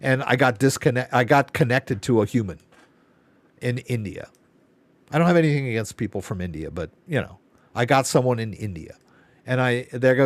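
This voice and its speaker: A man's voice: mid-range voice, expressive, moderate pace, no echo. A man hosting a live Q&A stream, telling a rambling story with exasperated asides. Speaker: live Q&A host. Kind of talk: casual live-stream chat.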